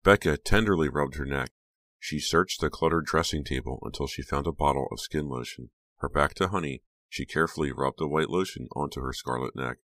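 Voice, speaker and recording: A man reading a novel aloud as an audiobook narrator, in a steady, measured manner. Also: very deep voice, no echo. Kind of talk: scripted narration.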